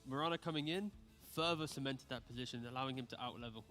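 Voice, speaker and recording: A man's voice: medium pitch, bright, forceful tone, faint music behind. A man giving analytical commentary on an esports match, breaking down plays in detail. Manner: rapid, detailed breakdowns with light laughs.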